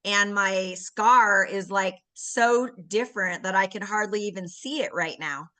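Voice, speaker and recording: Bright-voiced woman, earnest testimonial. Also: medium pitch, unhurried. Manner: earnest, emotional storytelling. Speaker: guest giving a testimonial. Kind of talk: personal testimonial on a video call.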